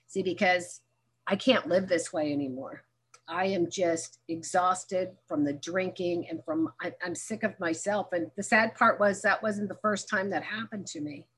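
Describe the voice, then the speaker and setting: A woman's voice: fairly low pitch, a little slow, fairly bright tone, breathy edge. A middle-aged woman candidly telling her own recovery story, mixing humor into a personal testimony.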